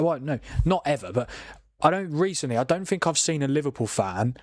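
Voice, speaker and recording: A man talks casually through a football watchalong at home. He rambles and restarts, laughs often, and reacts to the game with animated outbursts. His voice sits at a mid pitch, and the sound is dry and close. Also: no room sound. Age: 40s. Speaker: streamer hosting a football watchalong. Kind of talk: casual live commentary and chat.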